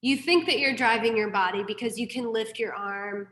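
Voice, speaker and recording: A woman's voice: on the high side, normal speed, fairly bright tone, roomy sound. A woman teaching a Buddhist class, frank and candid, with casual asides and the odd swear word. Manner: frank, candid teaching with mild profanity and self-deprecating asides. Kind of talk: dharma class lecture.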